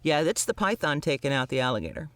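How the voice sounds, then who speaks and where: Man, husky morning voice, fairly high-pitched, dry close mic, wry rambling casual chat. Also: very animated, fast, a bit bright, dry recording. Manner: wry, rambling, laughs often. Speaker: podcast co-host.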